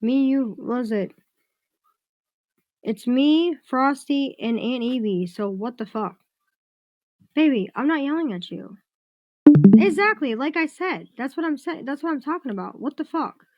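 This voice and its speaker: Swearing heavily, a female livestream host rants in anger from home, interrupting herself to soothe someone off-mic nearby. Her voice is high-pitched and expressive, a little slow with long pauses, and the recording has no room sound and cut-off highs.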